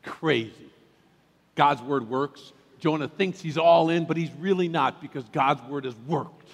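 Animated preaching pastor in a big church. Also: male voice, on the high side, measured pace, long reverb tail. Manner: animated, conversational preaching with asides. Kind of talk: sermon. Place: large church sanctuary.

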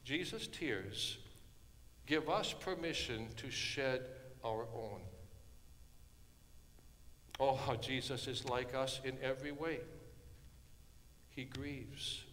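A man preaching a sermon, telling a story dramatically and dropping from hushed tones to loud ones. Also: mid-range voice, slow pace, long pauses, a little hiss or hum. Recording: long hall reverb.

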